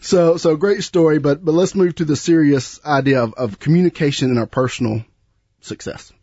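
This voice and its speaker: A man's voice: fairly high pitch, moderate pace, slightly rough, dry recording, highs cut off. Chatty male talk show host. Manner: warm, chatty, repeats words. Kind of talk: radio talk show chat.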